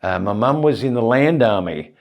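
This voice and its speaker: Rambling older Australian comedian storyteller. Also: male voice, mid-range voice, expressive, normal speed. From born in England, raised in Australia. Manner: rambling, anecdotal, chuckling storyteller. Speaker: comedian guest. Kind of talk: casual interview chat.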